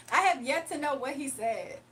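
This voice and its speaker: A woman's voice: high-pitched, a bit bright, slight background noise. A young woman livestreamer chatting casually and reading her chat aloud, sarcastic and playful, laughing often.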